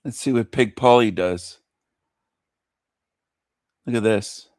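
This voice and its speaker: A man's voice: on the low side, takes it slowly, darkish tone, dry recording, clean studio sound. A middle-aged man hosting a show, giving crude, sneering reaction commentary. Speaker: host.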